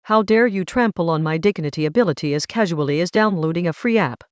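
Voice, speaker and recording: A text-to-speech woman's voice reading the lines of a feisty, exasperated teenage girl fighter in a storybook, in a flat synthetic manner. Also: lowish voice, fast, dry recording. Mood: annoyed. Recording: dull lo-fi dry synthetic audio.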